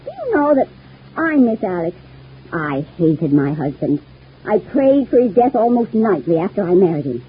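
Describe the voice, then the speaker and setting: An actress playing a clingy, lovesick young widow in a 1940s radio soap, talking in a gushing, wistful and intense way. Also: female voice, mid-range voice, very animated, moderate pace, breathy edge. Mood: confiding. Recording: tinny old radio broadcast.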